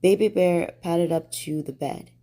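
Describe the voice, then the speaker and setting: A woman reads a bedtime story in a gentle, soothing way. Her voice is mellow and warm, set a little low. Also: fairly even intonation, a little slow.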